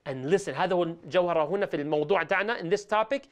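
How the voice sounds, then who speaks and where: A man's voice: high voice, racing, hardly any pauses. A man teaching a religious lesson as a sheikh, talking animatedly and switching between English and Arabic. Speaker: sheikh teaching Islamic stories.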